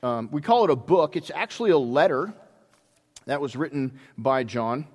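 A man preaching a sermon in a church, telling a story with many halting restarts. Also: mid-range voice, expressive. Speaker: pastor. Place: church sanctuary. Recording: long hall reverb.

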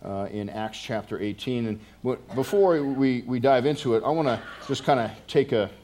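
Middle-aged pastor, casual and conversational, mid-pitched voice, self-interrupting, quick with a joke for the pews. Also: male voice, darkish tone. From United States. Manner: rambling, self-interrupting, with joking asides to the congregation.

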